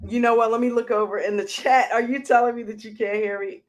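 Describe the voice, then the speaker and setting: A woman's voice: fairly high pitch, steady tone, quick pace. A woman hosting a casual motivational livestream, talking in an emphatic, chatty storytelling way. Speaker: motivational show host.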